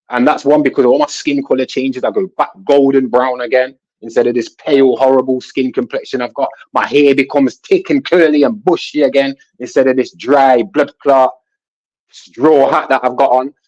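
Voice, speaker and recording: Rambling man. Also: medium pitch. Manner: animated, rambling storytelling with frequent "you know what I'm saying". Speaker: guest. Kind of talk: casual panel talk. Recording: dull lo-fi sound.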